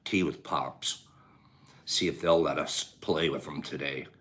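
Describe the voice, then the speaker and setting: A man's voice: very deep voice, measured pace. A man hosting a casual live stream with a scratchy voice, greeting viewers, joking and breaking into laughter. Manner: animated, bursts of laughter and loud exclamations.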